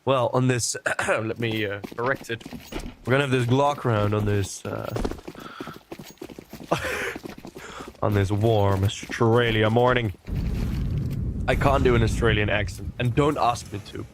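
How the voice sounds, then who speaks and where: Male esports caster with a medium voice, animated and chatty, working a headset mic over faint game gunfire. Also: medium pitch, measured pace, long pauses, background noise. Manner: animated, chatty, drifts into tangents. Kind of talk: play-by-play game commentary.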